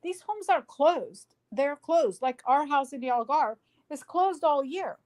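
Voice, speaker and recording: Woman guest on a podcast, kinda high voice, talks fast and keeps restarting her sentences. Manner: animated retelling with many restarts. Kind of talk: casual podcast discussion.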